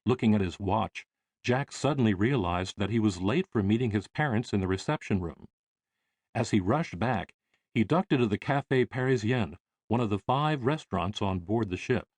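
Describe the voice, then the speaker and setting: Expressive male audiobook narrator. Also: fairly low pitch, no room sound. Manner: measured, expressive. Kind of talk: scripted narration.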